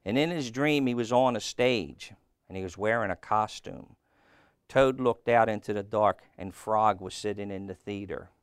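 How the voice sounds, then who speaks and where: A man's voice: on the low side, normal speed, clear, resonant tone, dry recording, studio quality. A man preaching a sermon in an emphatic way, often repeating his phrases.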